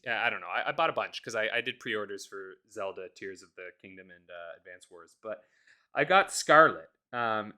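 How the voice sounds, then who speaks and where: A podcast co-host in casual chat, ranting with plenty of swearing and laughter. The voice swoops up and down a lot. The tone is bright and forward. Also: mid-range voice. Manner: animated, profane ranting with frequent laughs.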